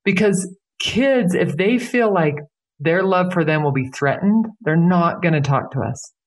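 A woman's voice: on the low side, measured pace, a little mellow. Earnest woman, podcast guest. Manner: earnest, emphatic, repeats key phrases. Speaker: guest, certified life coach. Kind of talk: podcast interview.

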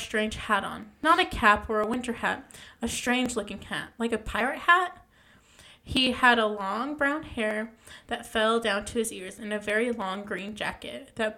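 A woman's voice: fairly high pitch, sharp tone. Casual young woman reading aloud. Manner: casual, stumbles and self-corrects while reading. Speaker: podcast host reading a ghost story. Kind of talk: reading a story aloud with asides.

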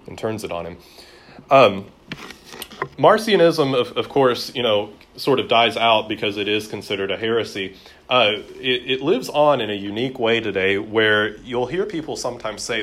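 A man's voice: fairly low pitch, expressive, normal speed, a bit bright, a little hiss or hum. A man teaching a church history class in a conversational lecture, with frequent fillers and repeated words.

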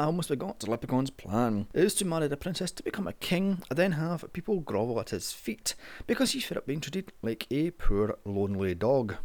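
A man narrating a casual movie review in a sarcastic, sweary way. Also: mid-range voice.

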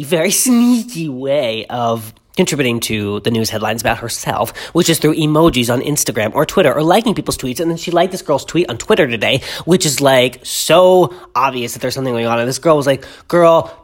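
A congested podcast host rambling through pop-culture gossip at home, chatty and full of tangents, gushing with ironic exaggeration. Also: medium pitch. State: congested, clogged throat.

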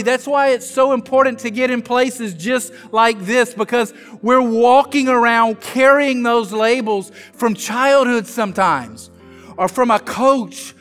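A man from South Louisiana preaching a sermon, telling self-mocking stories with animated humor. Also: very high voice, big-room sound. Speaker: pastor.

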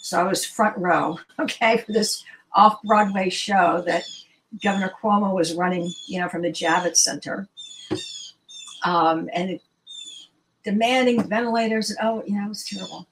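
A woman in a casual interview, emphatic and animated, firing off rhetorical questions. Her voice sits at an ordinary middle pitch, with a faint hiss of noise behind her. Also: normal speed, poor audio. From Washington, D.C. area. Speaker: interview guest, surgeon.

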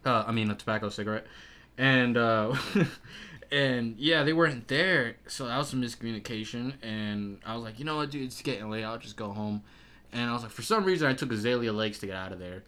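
A young man in his early twenties talks in relaxed podcast chat. His story runs on profanity and rising animation, with frequent laughs. His voice sits at an ordinary middle pitch for a man. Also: a little fast. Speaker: podcast guest.

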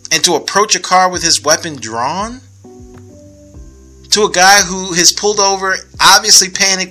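A young man with a very bright, lively voice tells a story in a relaxed podcast chat. He laughs as he goes and briefly acts out the other people in the tale. Faint music plays behind him. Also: high voice.

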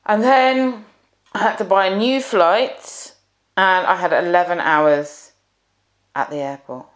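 A woman's voice: fairly low pitch, slow pace. A woman coach telling a personal story in a confessional monologue, drawing out key words unhurriedly. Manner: confessional, recounting her own negative thoughts. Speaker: relationship coach.

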